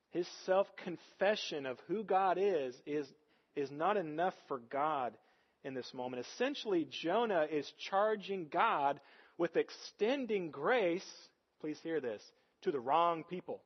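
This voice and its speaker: A man's voice: fairly high pitch, animated, slow pace, slightly rough, lo-fi sound. A man preaching a sermon as pastor, earnest and conversational, often putting rhetorical questions to the congregation.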